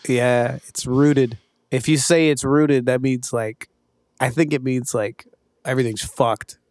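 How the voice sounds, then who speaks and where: A man's voice: medium pitch, steady tone, measured pace, darkish tone, dry recording, studio quality. A man co-hosting a podcast in casual banter, laughing often and swearing casually. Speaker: podcast co-host.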